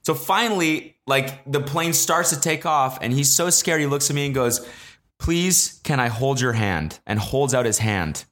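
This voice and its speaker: A man's voice: fairly high pitch, animated, moderate pace, hardly any pauses, a bit bright. A young man hosting a podcast, telling a story in a rambling, profane, self-mocking way, full of fillers. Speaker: podcast host. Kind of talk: casual solo storytelling.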